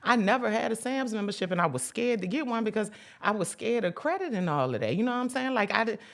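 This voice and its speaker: A woman's voice: a little high, lively intonation, fast. A woman hosting a casual spiritual talk for her viewers, chatty and emphatic, with profanity and sudden whoops. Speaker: host.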